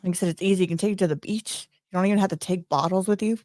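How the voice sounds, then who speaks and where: A woman's voice: on the low side, very fast, a little mellow, no echo, clean studio sound. A woman co-hosting a casual podcast, upbeat and friendly, addressing viewers directly. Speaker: podcast co-host. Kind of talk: casual chat.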